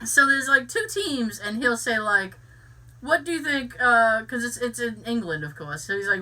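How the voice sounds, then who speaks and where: A young woman chatting casually on a podcast, telling giggly, animated stories full of restarts. Her voice is very bright, with pitch that rises and falls widely, and she sits a little back from the mic. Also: a little slow, recorded from a distance. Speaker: podcast co-host. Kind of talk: casual chat.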